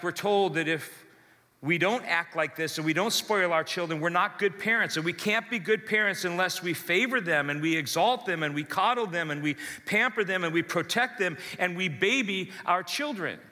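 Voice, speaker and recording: A man's voice: high voice, in a large hall. A man preaching a sermon as pastor, telling stories animatedly and acting out voices, in a church. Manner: animated storytelling, acts out voices.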